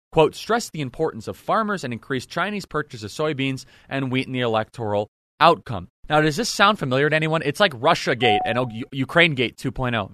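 A man's voice: medium pitch, bright, forceful tone, dry recording, clean studio sound. A man hosting a political commentary show, delivering an indignant, sarcastic monologue full of rhetorical questions.

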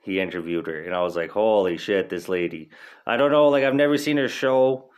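A man's voice: low voice, fairly quick. A young man hosting a podcast in casual chat, laid-back and rambling, swearing freely, stoned. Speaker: podcast host.

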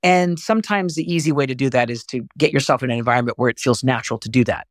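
A middle-aged man hosting a podcast voice lesson, animated and often jumping high to demonstrate. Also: fast, no room sound, studio quality. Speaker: voice coach and podcast host.

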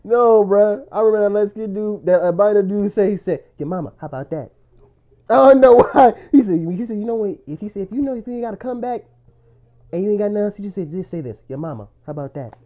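A man's voice: high voice, quick pace. A young man in casual chat with a friend, telling stories animatedly, acting out quotes and laughing often. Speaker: friend chatting. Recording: dull lo-fi recording.

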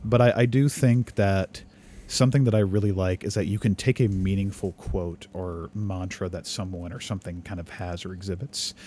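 A man's voice: deep voice, fairly even intonation, moderate pace, mellow. A man co-hosting a podcast in casual chat, explaining his view at length with restarts and the odd swear. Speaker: podcast co-host.

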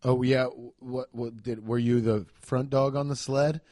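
A man co-hosting a casual comedy chat, riffing and swearing, with sudden loud bursts. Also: mid-range voice, steady tone, measured pace, slight background noise. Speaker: podcast co-host.

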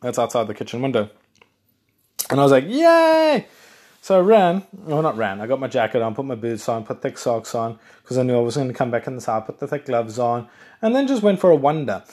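He has a mid-range voice and a quick pace, talking alone on his casual podcast as a South African host. The chat meanders, he corrects himself as he goes, and he gets excited in spurts.

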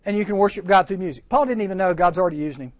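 A man as a camp preacher, quick-talking, animated storyteller, dry close sound. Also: sits high, no room sound, muffled recording. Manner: animated, acts out quoted voices. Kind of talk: storytelling sermon to teens. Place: indoor camp chapel.

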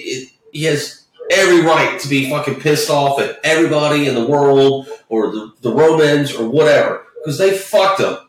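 Rambling, swearing man in an echoey room. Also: a little high. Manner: rambling, profane, with many false starts. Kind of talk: casual movie chat. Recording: echoey room, far from the mic.

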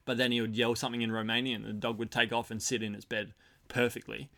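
A man's voice: medium pitch, flat delivery, quick pace, bright, forceful tone. A young man talking as a podcast guest in casual chat, telling a story with dry jokes. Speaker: podcast guest, host's roommate. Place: storehouse.

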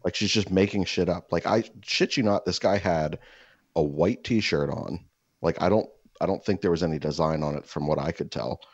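A man with a very low, deep voice tells a meandering story, leaning on "like" and "you know" as he goes. The sound is dry and close, slightly dull and lo-fi, and he drops into put-on voices for the people he quotes. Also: moderate pace, breathy edge, dry recording. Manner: rambling, heavy "like" fillers. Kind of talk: casual anecdote.

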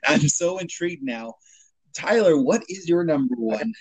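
A man's voice: fairly high pitch, lively intonation, moderate pace, husky, no echo, rough recording. A man co-hosting a casual podcast, joking in an upbeat way and handing the turn to the others. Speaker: podcast co-host. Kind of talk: casual chat.

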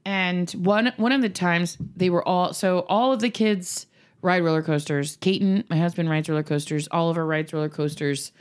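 A woman's voice: lowish voice, fairly even intonation, moderate pace, clean tone. Woman telling a story in casual chat. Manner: chatty storyteller, acts out quotes.

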